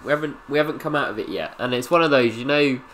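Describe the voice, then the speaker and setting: Bright, excitable young man commentating a game. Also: medium pitch, very fast, slight background noise. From England. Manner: excitable, jokey, reacts loudly to play. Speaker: gaming YouTuber. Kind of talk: casual gameplay commentary.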